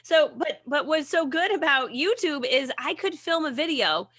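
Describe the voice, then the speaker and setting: A woman in her thirties, a guest on a morning talk show, chatting casually and telling animated stories, laughing often. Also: high voice, normal speed, no room sound. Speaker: guest, video marketing coach. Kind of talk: casual chat.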